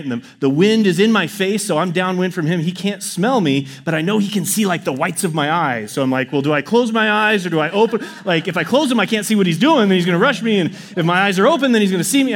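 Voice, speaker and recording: Man telling a lively hunting story. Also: high-pitched. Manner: animated, acts out his story with quick inner quotes. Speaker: pastor. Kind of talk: sermon storytelling.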